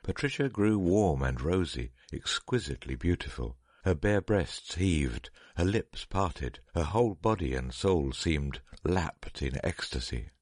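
A man reading a story aloud in a measured, dramatic narration. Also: low-pitched, expressive, a little mellow, no room sound, studio quality.

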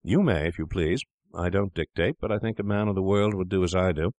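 A man's voice: sits low, a little fast, darkish tone, no room sound. A man reading the part of a cool, cynical young doctor in a storybook, coolly persuasive.

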